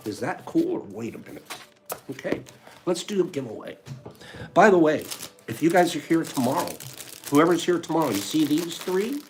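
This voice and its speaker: A man hosting a casual live stream, upbeat and reading viewer answers aloud in quick bursts. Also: on the high side, big pitch swings, darkish tone, faint music behind.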